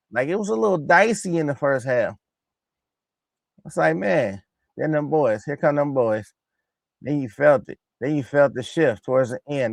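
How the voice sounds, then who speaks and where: Gravelly-voiced man reacting excitedly. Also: fairly high pitch, no room sound. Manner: excitable, slangy, repeats himself. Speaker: host of a basketball reaction channel. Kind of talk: casual reaction commentary over game highlights.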